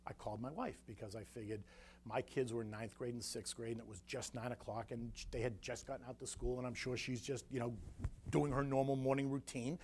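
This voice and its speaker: A middle-aged man telling a story to an audience in an animated, conversational way, often checking in with the listeners. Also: mid-range voice, brisk, slight background noise. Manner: animated, conversational, frequent "right?" asides. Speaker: guest speaker.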